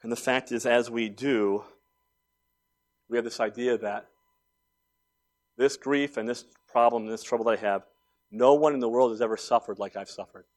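A man's voice: mid-range voice, moderate pace, long pauses. A man in his forties preaching a sermon, telling stories conversationally and building to emphatic points. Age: 40s. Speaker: pastor.

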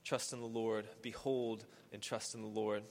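A man's voice: fairly low pitch, level tone, normal speed, creaky, a little hiss or hum. Man preaching in an echoing church. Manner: rising to emphatic, repetitive preaching. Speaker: pastor. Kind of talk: sermon. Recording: long hall reverb.

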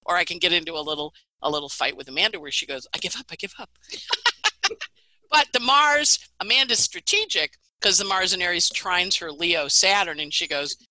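A middle-aged woman astrologer giving a casual, animated forecast, laughing at her own stories. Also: fairly low pitch, brisk, hardly any pauses, no echo, rough recording.

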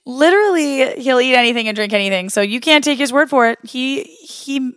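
A woman's voice: on the high side, fairly quick, a bit bright, smooth, no room sound. A woman co-hosting a casual chat podcast, blunt, swearing casually and laughing often. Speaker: podcast co-host.

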